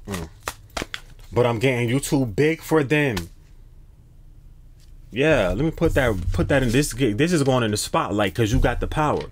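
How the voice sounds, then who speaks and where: A man's voice: medium pitch, lively intonation, normal speed, long pauses, slight background noise. A man giving a casual spiritual tarot reading to his viewers, slangy and emphatic, often repeating phrases and restarting as messages come through. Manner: hesitant restarts when channeling messages. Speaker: tarot card reader.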